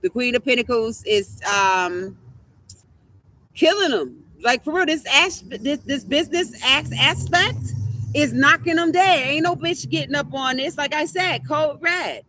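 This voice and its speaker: Brash, bright-voiced woman reading tarot. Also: high voice, lively intonation, measured pace, a little hiss or hum. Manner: brash, profane, boastful, repeats herself. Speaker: tarot reader and streamer. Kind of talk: casual livestream tarot commentary.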